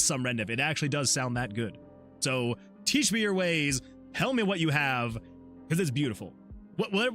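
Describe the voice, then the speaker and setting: On the high side and a bit bright, this man's voice comes through a USB desktop mic. He's a solo game developer hanging out on his livestream, chatting casually, laughing frequently, and reading viewers' chat messages aloud.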